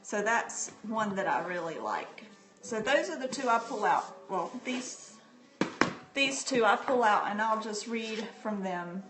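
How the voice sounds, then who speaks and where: A woman's voice: medium pitch, expressive, unhurried, music in the background. Chatty middle-aged woman, echoey room. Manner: chatty and heartfelt, with frequent ums. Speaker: livestream host sharing books. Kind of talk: casual live-stream book talk. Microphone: phone. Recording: echoey room, phone mic.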